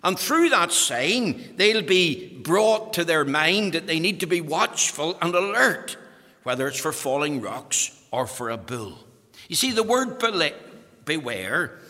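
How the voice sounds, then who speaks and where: A man preaching a sermon, emphatic and building to forceful exhortation. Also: a little high, big-room sound.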